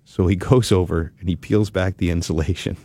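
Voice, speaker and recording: A man hosting a podcast who tells a story in a casual, animated way and laughs often. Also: low-pitched, brisk, no room sound. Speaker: podcast host.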